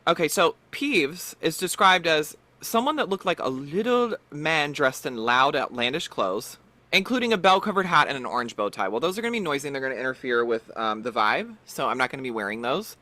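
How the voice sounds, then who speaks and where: A man's voice: on the high side, sing-song, fairly quick, bright, forceful tone. A man hosting a podcast, chatting playfully and animatedly about pop culture. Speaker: podcast host. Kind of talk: casual pop-culture chat.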